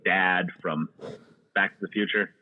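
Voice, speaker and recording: Lower-voiced man on a tinny line. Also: steady tone, a little slow. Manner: rambling, joking movie talk with frequent "uh" restarts. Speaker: podcast guest. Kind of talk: casual chat.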